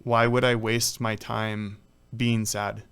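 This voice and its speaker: A man's voice: on the low side, flat delivery, slow pace, creaky, a bit bright, clean tone. A man, a professional athlete, talking casually in an interview, rambling through stories with lots of "like" and "you know.". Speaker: guest, professional water polo player.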